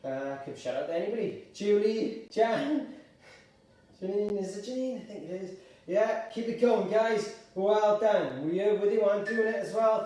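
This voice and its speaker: A man coaches a gentle workout class with upbeat, encouraging energy, a little out of breath. His voice is fairly high and mellow. He sounds set back from the mic in a strongly echoing room. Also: moderate pace, recorded from a distance. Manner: upbeat, encouraging, calls out participants by name. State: slightly out of breath. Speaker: exercise instructor. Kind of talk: live online exercise class. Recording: echoey room, voice away from the mic.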